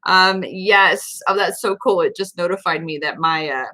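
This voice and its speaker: A woman's voice: fairly low pitch, moderate pace, bright, forceful tone. A woman hosting a live stream as a self-empowerment coach, talking casually and earnestly, with many fillers and repeated words. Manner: earnest, emphatic, with fillers and repetitions.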